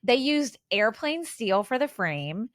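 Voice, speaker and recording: A woman in her forties co-hosts a podcast in a relaxed, chatty way, rattling off trivia between fillers and restarts. Her pitch swings widely, and the recording is dry and close. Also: slow pace, no echo. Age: 40s. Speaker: podcast co-host. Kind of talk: casual chat.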